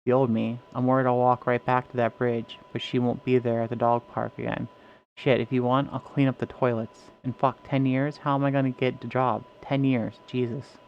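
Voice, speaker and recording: Weary, ashamed male test subject, read by a man: gravelly, resigned, muffled stream sound. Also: mid-range voice, level tone, normal speed, slight background noise, natural voice. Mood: anxious. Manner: heavy, resigned, cursing.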